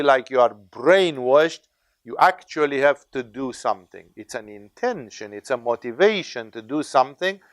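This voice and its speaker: A man's voice: medium pitch, smooth, no room sound. A man teaching as a spiritual teacher, lecturing in a discursive, conversational way with frequent tag questions.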